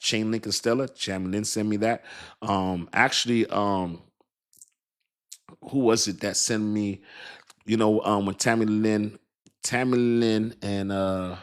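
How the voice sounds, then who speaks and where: A middle-aged American man hosting a casual crypto livestream, chatting with viewers in relaxed slang and laughing often. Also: lowish voice. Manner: laid-back slangy talk, frequent laughs.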